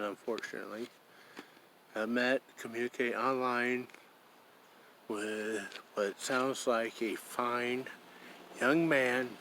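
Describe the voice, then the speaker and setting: Slow rambly guy vlogging outside, talks about himself in third person, bit of background noise. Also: medium pitch, fairly bright tone. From Iowa, USA. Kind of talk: casual vlog to camera.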